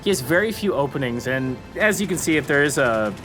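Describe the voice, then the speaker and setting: Dude doing casual game commentary, goofy, laughs a lot, lively voice, game music going. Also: male voice, fairly high pitch, brisk. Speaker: let's play host. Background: game music and gunfire.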